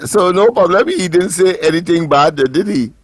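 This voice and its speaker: Man, radio co-host, wry and measured, dry close sound, raised pitch. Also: lively intonation, no echo. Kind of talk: talk radio commentary.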